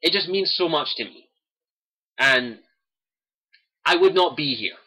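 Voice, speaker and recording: Impassioned young Scottish man, high bright voice. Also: animated, unhurried. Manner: earnest and impassioned, repeating key phrases. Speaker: host of a gaming livestream. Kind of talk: personal monologue to viewers.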